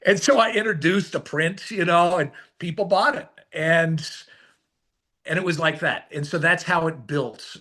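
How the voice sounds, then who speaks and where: A man with a voice on the higher side tells his story as an interview guest. He is animated, dropping low for the quiet parts and rising when he gets excited. He sounds middle-aged and speaks in a relaxed, conversational way. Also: unhurried. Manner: animated, swings between hushed and excited. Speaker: author and illustrator, guest.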